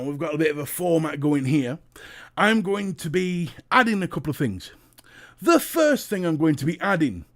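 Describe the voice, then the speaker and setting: British man, livestream host, chatty and jokey, bouncy voice, casual chat. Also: fairly high pitch. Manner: chatty and jokey, talks straight to chat, stumbles and restarts. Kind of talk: casual live chat reading viewer comments.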